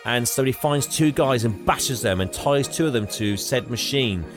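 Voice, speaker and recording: A man's voice: mid-range voice, animated, normal speed, over music. Rambling man retelling a film. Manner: rambling plot retelling with acted quotes and laughter. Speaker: podcast co-host recapping a film. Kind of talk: casual chat.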